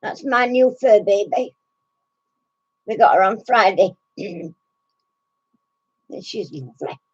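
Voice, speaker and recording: Woman, sixties, breathless, slow, husky, chatty live stream host. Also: mid-range voice, animated, dull audio. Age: 60s. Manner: giggly, chatty, greets viewers by name. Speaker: craft channel host. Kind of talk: casual live stream chat with viewers.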